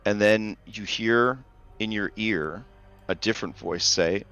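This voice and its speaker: A man's voice: on the low side, takes it slowly, pushed and bright, clear, resonant tone, faint music behind. A man narrating as game master of a horror tabletop game, describing scenes and joking with players. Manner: descriptive, slips into character voices.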